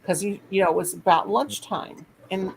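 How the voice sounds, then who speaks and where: An older woman who is a teacher tells a rambling story in casual chat, animatedly acting out what other people said. Her voice is medium in pitch, normal in speed and creaky, and the rough recording carries crowd noise.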